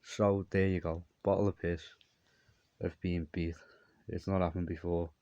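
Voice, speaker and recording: A man's voice: low-pitched, flat delivery, a little slow, warm tone, no room sound, highs cut off. A man telling a long, meandering story in a repetitive monologue. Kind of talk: rambling monologue.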